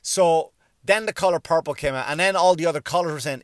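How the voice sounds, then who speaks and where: A fairly high-voiced man rants in exasperated comedic style, swearing freely and tripping over his words as he repeats himself. The sound is dry and close, with no room around it. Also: fast talker, no echo. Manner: profane, exasperated storytelling. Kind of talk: comedic rant.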